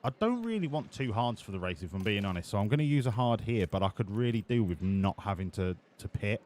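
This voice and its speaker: A man's voice: lowish voice, big pitch swings, brisk, darkish tone. A man streaming a game, talking in a crude, rambling, sweary way. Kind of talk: casual gameplay commentary.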